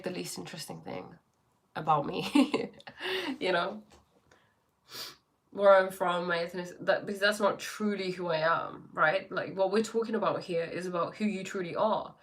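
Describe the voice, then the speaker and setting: Speaking at a moderate pace in a lowish voice, a woman runs a casual livestream as a life coach. She answers viewer comments thoughtfully, musing and questioning in a spiritual vein.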